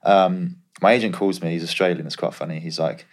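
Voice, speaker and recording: A man's voice: low-pitched, steady tone, fairly quick. A man co-hosting a podcast, a former professional footballer telling candid stories in casual chat. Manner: candid, anecdotal storytelling.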